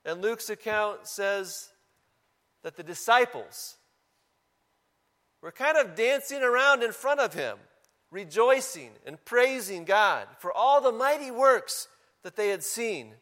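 A man delivers a Palm Sunday-style sermon in a church, speaking in a relaxed, conversational way. His voice sits fairly high for a man. He keeps turning to the congregation with questions. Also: takes it slowly. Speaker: pastor.

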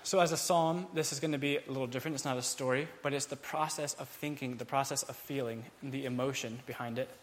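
A man giving a Bible teaching, explaining a psalm in a casual, animated way and acting out its feelings. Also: medium pitch, fast, hardly any pauses.

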